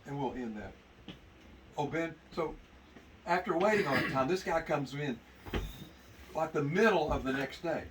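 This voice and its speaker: Animated man telling a story. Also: fairly high pitch, normal speed, pauses often. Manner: animated, laughing through his story. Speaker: testimony speaker at men's meeting. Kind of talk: casual storytelling to a group. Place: indoor meeting room. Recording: distant mic with background noise.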